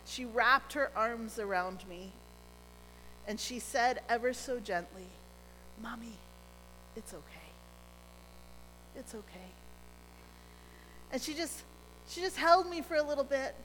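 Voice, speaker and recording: A middle-aged woman preaching a sermon as pastor, earnest and gentle, dropping to a near hush on key phrases. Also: fairly high pitch, expressive, measured pace, in a large hall, a little hiss or hum, rough recording.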